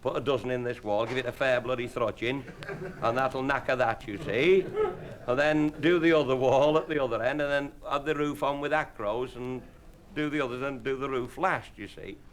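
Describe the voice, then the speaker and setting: A man's voice: medium pitch, normal speed. A man telling rambling, bawdy comic anecdotes as an after-dinner speaker, chuckling as he goes. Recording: hissy old live tape recording. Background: audience laughter.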